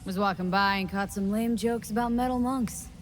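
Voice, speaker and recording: An actress playing a tough, wry mercenary who talks in a blunt, clipped, sardonic way, in game dialogue. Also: female voice, mid-range voice, moderate pace, lightly acted. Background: music.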